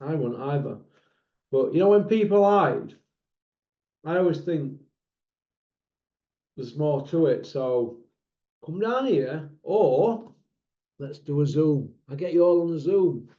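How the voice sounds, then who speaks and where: A man talks in a blunt, mocking way, firing off rhetorical questions in a casual monologue. His voice sits a little high. It's recorded in an echoey room and sounds somewhat dull and lo-fi. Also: animated, slow pace, long pauses. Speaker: boxing channel host.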